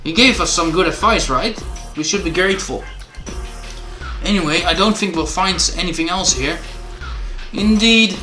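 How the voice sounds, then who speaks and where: A man's voice: high-pitched, moderate pace, sharp tone. Man reading a game's dialogue aloud, playful and loose; roomy sound with game music under it. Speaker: let's play host.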